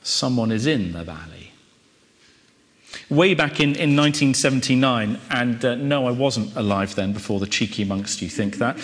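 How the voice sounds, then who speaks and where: A man preaching a sermon, building drama with repeated rhetorical questions and pauses. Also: medium pitch, lively intonation, fairly bright tone, big-room sound.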